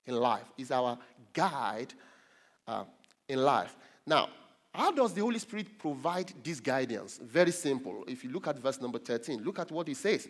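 A man preaching a sermon in an emphatic way, rising to loud stresses on scripture quotes, with pauses and fillers, in a church hall. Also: on the high side. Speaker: pastor. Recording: long hall reverb.

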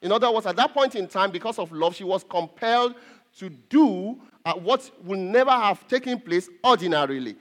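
A pastor preaching an earnest sermon to his congregation, repeating phrases and pausing on fillers. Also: high-pitched, animated.

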